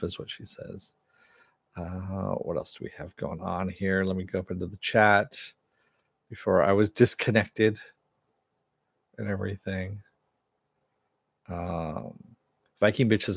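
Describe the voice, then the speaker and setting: Low-voiced man recapping casually. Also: little pitch movement, takes it slowly, gravelly, pauses often, no room sound. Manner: rambling, many "uh" and "he goes". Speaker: show host reviewing a TV episode. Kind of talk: casual live-stream recap.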